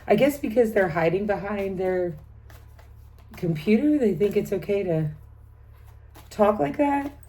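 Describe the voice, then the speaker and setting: A woman's voice: medium pitch, lively intonation, a little slow, pauses often, mellow. A middle-aged woman giving a casual tarot reading, chatty, laughing often and reeling off card meanings as lists. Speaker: tarot reader.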